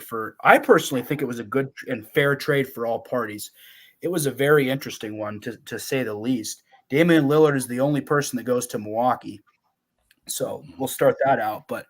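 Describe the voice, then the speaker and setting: A male podcast co-host who moves the conversation along at a steady, measured pace. He drops folksy turns of phrase as he walks through the news. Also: medium pitch. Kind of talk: casual sports chat.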